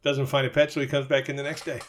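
A man's voice: medium pitch, monotone, fast, slight background noise. A middle-aged man co-hosting a podcast in casual banter, swearing freely as he tells jokes and stories. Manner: profane storytelling, tells jokes. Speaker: podcast co-host.

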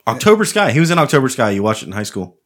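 A man co-hosting a podcast in casual chat, animated and profane, laughing often. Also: medium pitch, rapid-fire. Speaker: podcast co-host.

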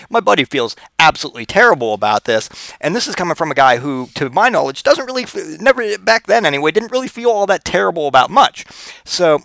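A man's voice: on the high side, fairly bright tone, no echo. A man hosting his own podcast, telling crude, rambling comedic stories and acting out voiced quotes. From Pennsylvania, US. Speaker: podcast host. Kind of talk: profane comedic storytelling.

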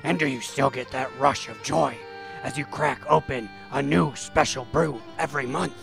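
A man playing a gravelly hostess who runs a mock interview in a comedy sketch, with a smooth announcer manner. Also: mid-range voice, steady tone, moderate pace, music in the background. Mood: chummy.

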